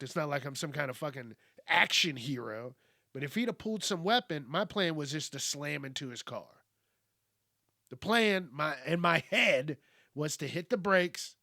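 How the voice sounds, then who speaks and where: A man hosting a podcast, telling a story in a casual, animated, profane and wry way. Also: on the high side, dry recording, clean studio sound. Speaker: podcast host.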